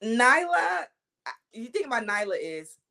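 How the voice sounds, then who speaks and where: Young woman wrestler, lower voice, confident trash talk, casual interview. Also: normal speed, a bit bright. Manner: confident, trash-talking, with fillers and repeats. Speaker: wrestler and champion guest.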